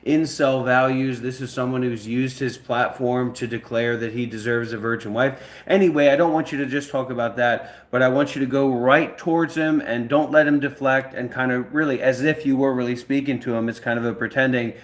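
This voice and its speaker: A man's voice: medium pitch, fairly even intonation, a little fast, few pauses. A man hosting, giving rambling and repetitive instructions to push a role-play along. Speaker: host directing a voice role-play. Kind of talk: casual instructions.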